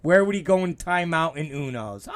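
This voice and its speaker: A man's voice: a little high, moderate pace, no room sound. A man hosting a show, telling a profane comic story and acting out the quoted dialogue. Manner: animated, acts out quoted dialogue, heavy swearing. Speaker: show host.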